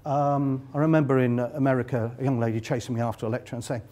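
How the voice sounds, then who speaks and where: This is a fast-talking older man from England whose medium-pitched voice sounds warm and level. Speaking with an English accent, he gives a joking, chatty live lecture with slides in a conference hall, peppered with fillers.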